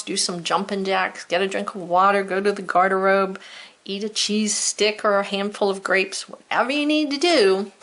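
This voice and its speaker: A middle-aged woman who teaches a friendly home video lesson for children, speaking slowly and clearly as she writes and encouraging them as she goes. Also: mid-range voice, fairly bright tone. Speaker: homeschool teacher.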